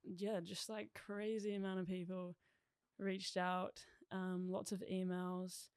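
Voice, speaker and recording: Young NZ woman, casual guest, giggly, creaky voice. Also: fairly low pitch, slow pace, dry recording, clean studio sound. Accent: New Zealand. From New Zealand. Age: young adult. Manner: excitable, laughs often, lots of "like". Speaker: DJ, podcast guest. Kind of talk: casual chat.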